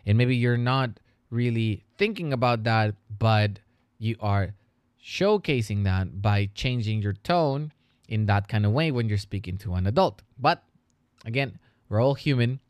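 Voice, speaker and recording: A man hosting a solo educational podcast, talking casually as a teacher and turning lively when he retells classroom stories. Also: fairly low pitch, measured pace, smooth, no room sound.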